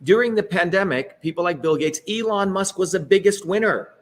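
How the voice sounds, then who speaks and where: A middle-aged man with a somewhat high voice holds forth in an emphatic public talk. He drives each point home rhetorically and keeps tagging lines with "okay?" and "right?". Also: a little fast. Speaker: speaker leading a political talk. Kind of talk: animated public talk with slides.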